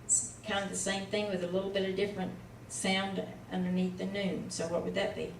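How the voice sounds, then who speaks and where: A woman tutoring a student in Hebrew reading in a casual one-on-one lesson, patiently sounding out letters and syllables slowly. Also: medium pitch, little pitch movement, vocal fry, echoey room, distant mic, a little hiss or hum, poor audio.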